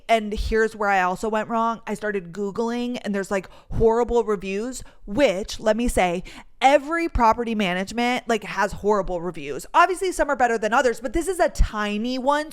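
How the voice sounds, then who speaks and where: A young woman casually telling a personal story, chatty and full of "like", acting out conversations and swearing when stressed. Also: on the high side. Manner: chatty, frequent "like", swears when stressed, quotes people in dialogue.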